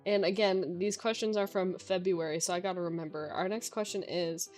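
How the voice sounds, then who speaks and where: A woman's voice: on the low side, steady tone, a little fast, a little mellow, faint music behind. A young woman streamer in a casual Q&A chat, talking in a chatty way with lots of filler words.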